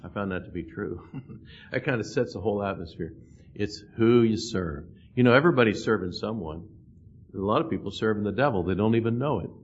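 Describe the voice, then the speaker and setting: Low-voiced preacher on a dull recording. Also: male voice, fast, breathy edge. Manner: earnest, quoting scripture with rising emphasis. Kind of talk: sermon. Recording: dull lo-fi sound with faint noise.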